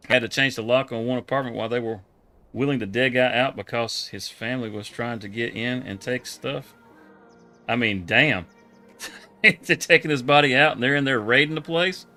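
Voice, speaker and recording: Male streamer, casual rambling host, sharp bright tone, faint music behind. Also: medium pitch, normal speed. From Texas. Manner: relaxed, rambling, laughs often. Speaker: livestream host. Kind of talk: casual live-stream chat.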